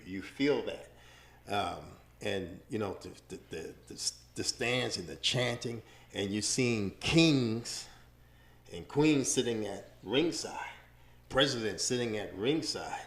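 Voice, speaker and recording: A middle-aged man, a boxing referee, telling stories in a relaxed, rambling way with many fillers during an interview. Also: lowish voice. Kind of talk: casual interview storytelling. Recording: echoey room.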